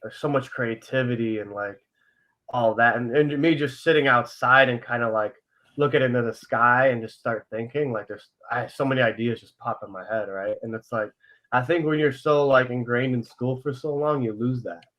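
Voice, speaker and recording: A man's voice: medium pitch, normal speed, fairly bright tone. A young man co-hosting a casual podcast, talking earnestly and openly about his feelings, full of fillers and swearing. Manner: rambling, filler-heavy, swears freely. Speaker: podcast co-host.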